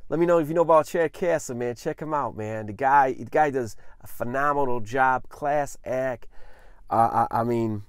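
A man's voice: mid-range voice, moderate pace, clear, resonant tone, dry recording, studio quality. A man hosting a casual unboxing vlog, effusive and enthusiastic, who keeps saying "man" as he shows off a new record. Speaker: vinyl unboxing vlogger.

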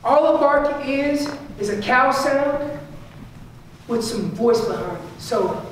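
A man with an extremely high, animated voice talks slowly as he runs a laid-back seminar on calling elk in a spacious store. He echoes his key phrases, puts words in the elks' mouths, and uses slang; the sound is roomy and distant with a faint hum.

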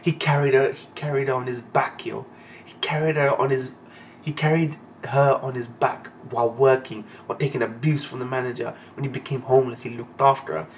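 Gravelly man, emotional reaction. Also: medium pitch, fairly even intonation, brisk, a little hiss or hum. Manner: emotional, profane, ends phrases with "man". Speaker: anime and manga reaction host. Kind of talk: live reading reaction commentary.

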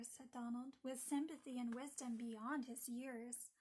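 Slow, high-voiced woman reading to children. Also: slightly rough. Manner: warm, expressive storyteller for children. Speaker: Sabbath School teacher.

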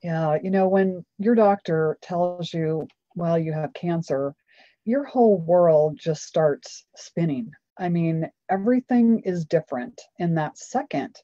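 A woman with a low, mellow voice speaks as a guest in an interview. She is candid and upbeat, and her voice comes through dry and slightly muffled. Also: lively intonation, measured pace, dry recording. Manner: candid, upbeat, laughs often. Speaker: guest, law of attraction trainer. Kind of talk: interview storytelling.

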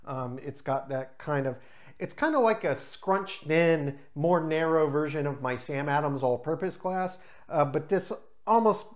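A craft beer reviewer hosting his own channel, tasting and explaining beers in a casual, unscripted way, chatty, with frequent filler pauses. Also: mid-range voice.

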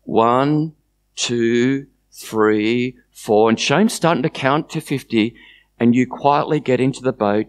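Male guest speaker telling a vivid sermon story, animated and engaging. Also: medium pitch. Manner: storytelling, animated, with soft restarts. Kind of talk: sermon with guided imagery.

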